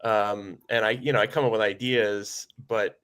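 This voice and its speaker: A man talking as a guest comic book writer, brainstorming casually on a video call, self-deprecating and quick to laugh. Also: on the low side, steady tone, fairly bright tone, clear, resonant tone.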